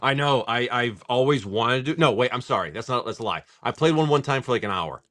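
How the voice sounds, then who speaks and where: A man hosting a live stream, rambling casually, swearing freely, and reading off card names in quick lists. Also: mid-range voice, expressive, fairly bright tone, no echo, clean studio sound. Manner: rambling, swears freely, laughs often at chat. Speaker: live-stream host opening card packs.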